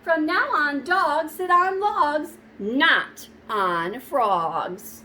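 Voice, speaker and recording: A bossy storybook frog, as a woman reading aloud puts him on, laying down rhyming rules in a loud, slow, emphatic voice. He sits higher than her usual voice and swings it around broadly. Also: animated, a little hiss or hum, full character voice.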